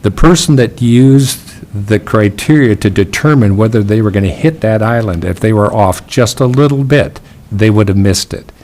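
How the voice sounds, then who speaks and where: Man, commissioner, lowish voice, unhurried, halting public meeting remarks. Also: darkish tone. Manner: slow, halting, thinking aloud. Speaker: county commissioner.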